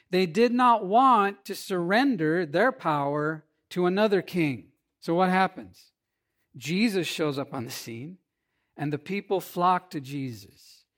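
High-voiced man preaching a sermon. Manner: emphatic preaching, swinging from loud to hushed. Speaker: pastor.

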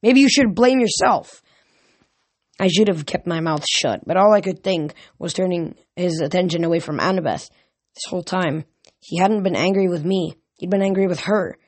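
A reader reading a novel aloud, halting and restarting often. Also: medium pitch.

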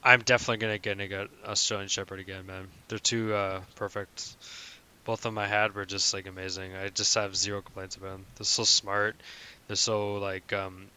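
A man hosting a casual podcast chat with friends, telling animated stories and acting out other people's lines. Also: lowish voice, brisk, smooth. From Canada. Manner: animated storyteller, acts out voices in anecdotes. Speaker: podcast host.

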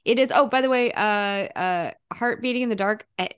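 Higher-pitched woman, casual podcast co-host; chatty, laughs often, swears freely. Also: fairly quick, clear, resonant tone. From not Scottish. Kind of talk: casual chat.

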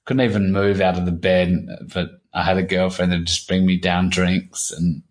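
A man in his thirties talking candidly as an interview guest, halting and repeating himself, swearing casually. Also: deep voice, little pitch movement. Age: 30s. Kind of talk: candid personal conversation.

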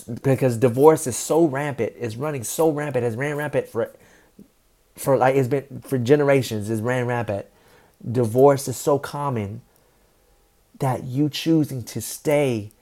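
A man talks earnestly and unscripted, urging listeners to keep going. His voice is dark and mellow, at a middle pitch. He repeats himself often, restarts phrases, and clears his throat now and then. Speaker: motivational speaker. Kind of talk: unscripted faith-based encouragement.

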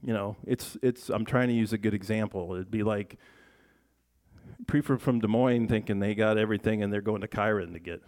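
Brisk and steady, with a lowish, darkish voice, a pastor talks his way through the text with his congregation in church. His sermon is conversational and chatty; he asks the listeners questions and keeps backing up to restart sentences.

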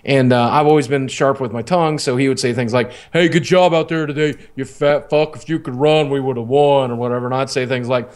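A man's voice: medium pitch, fairly even intonation, brisk, hardly any pauses, darkish tone, smooth. A man casually telling a long personal story, rambling and swearing, often laughing at himself.

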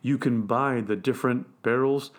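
A man's voice: medium pitch, fairly even intonation, normal speed. A man co-hosting a podcast, chatting casually and explaining things in detail. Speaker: podcast co-host. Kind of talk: casual tasting chat.

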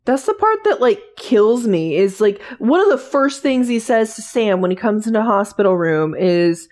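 A woman's voice: mid-range voice, animated, moderate pace, a little mellow. A woman co-hosting a casual podcast, chatting about a TV show with lots of "like" fillers. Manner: chatty, many "like" fillers and restarts.

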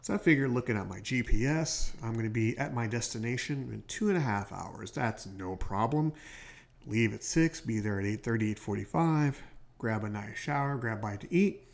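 A man's voice: mid-range voice, expressive, moderate pace, gravelly. A man hosting his own podcast, telling a rambling story in a casual late-night monologue from a hotel room, stopping often to correct himself. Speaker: podcast host. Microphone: home podcast microphone.

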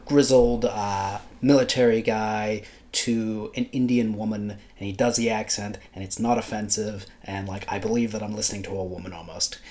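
A man's voice: medium pitch, a little mellow. A man with a nasal voice, co-hosting a casual book podcast, talking with frequent fillers and restarts. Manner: hesitant, many fillers and restarts. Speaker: podcast co-host, book blogger.

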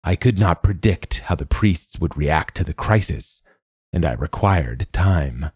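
A man voicing an ancient, secretive machine god in a storybook reading, with a rasping, slow and measured delivery. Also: deep voice, lively intonation, a little mellow, no echo, clean studio sound, exaggerated voice. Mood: solemn. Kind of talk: audiobook narration.

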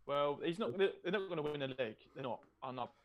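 A man's voice: fairly high pitch, expressive, fast. A man doing a jokey, teasing football chat on a podcast. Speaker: podcast co-host.

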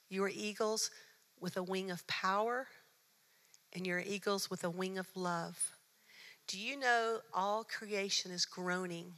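Middle-aged woman church speaker, storytelling sermon, bright tone, hall echo. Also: fairly low pitch. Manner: storytelling, shifts between hushed and excited. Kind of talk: sermon with personal stories. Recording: long hall reverb.

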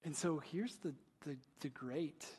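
A man's voice: on the high side, unhurried, mellow, slightly rough, in a large hall. A male pastor preaching a conversational sermon, asking rhetorical questions and often adding "right?".

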